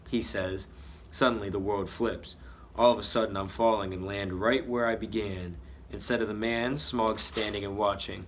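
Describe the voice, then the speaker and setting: Speaking at fairly low pitch in a steady voice that's a bit bright, a man reads at a moderate pace from a story he wrote in childhood. Along the way he jokes about the misspellings and illustrations, teasing his own old writing in a comedic read-aloud with commentary.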